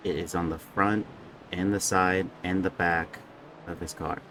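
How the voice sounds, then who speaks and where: A man's voice: deep voice, steady tone, a little slow, a bit bright, a little hiss or hum. A young man giving casual, joking live commentary on a sim race and stumbling over drivers' names.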